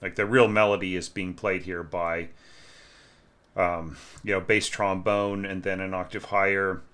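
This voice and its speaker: A man teaching orchestration, talking through a student's score in a relaxed, conversational way, often asking "right?" and singing phrases on syllables. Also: deep voice, measured pace, clear, resonant tone. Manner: conversational, keeps checking with "right?", sings phrases as "da, da" and "bum, bum". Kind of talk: informal music lesson.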